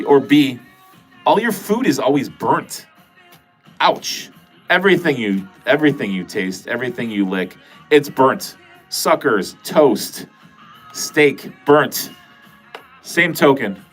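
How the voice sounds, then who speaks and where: Nasal man with a Wisconsin accent. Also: mid-range voice. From Wisconsin, USA. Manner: rambling, animated, swears casually. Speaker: livestream host. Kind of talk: casual livestream chat with viewers.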